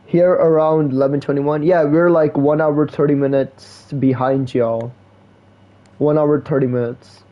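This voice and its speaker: A young man from India chats loosely over his game, swearing and joking, with "like" and "bro" in every line. His voice sits a little high for a man. The audio is dull and lo-fi. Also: fairly even intonation, a little slow. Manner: slangy, profane, joking, lots of "like" and "bro". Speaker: game streamer. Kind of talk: casual gaming stream chat.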